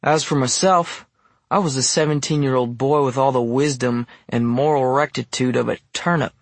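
A man narrating an audiobook in the first person, measured and wry. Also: mid-range voice, steady tone, no room sound.

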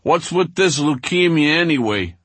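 A man voicing a brash jailed homeboy who shouts dismissively over a noisy jail phone line in street slang. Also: medium pitch, animated, slow, dry recording, pitched above the performer's own voice.

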